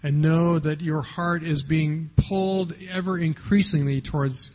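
A man's voice: fairly high pitch, fairly even intonation, a little slow. A man preaching a sermon as pastor, talking conversationally and often checking in with the congregation, on a dull lo-fi recording.

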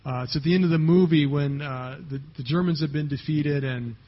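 Husky-voiced pastor preaching conversationally. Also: male voice, fairly high pitch, a little fast. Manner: conversational, keeps checking in with the congregation. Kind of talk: sermon. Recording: dull lo-fi recording.

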